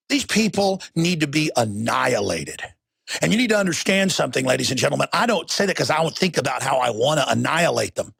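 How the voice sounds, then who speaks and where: A male radio talk show host delivering a fiery on-air rant, swinging from shouted outbursts to low muttering. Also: vocal fry, slightly rough, no room sound.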